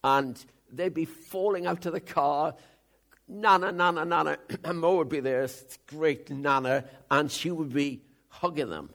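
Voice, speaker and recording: Gravelly older man preaching. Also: fairly high pitch, unhurried, hardly any pauses. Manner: chatty storytelling, frequent throat-clearing and chuckles. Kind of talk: conversational sermon.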